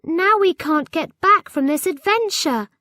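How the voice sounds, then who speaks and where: A woman voicing a nervous, worried child in a children's storybook reading, sounding high and anxious. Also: lively intonation, a little slow, pushed and bright, dry recording, clean studio sound, exaggerated voice.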